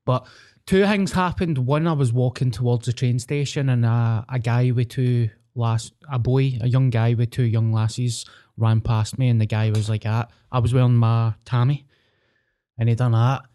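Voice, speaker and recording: Young Glaswegian male co-host, mellow tone, sweary storyteller. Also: mid-range voice, fairly even intonation, normal speed. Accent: Scottish, Glaswegian. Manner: sweary, storytelling, acts out voices. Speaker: podcast co-host. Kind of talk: casual chat.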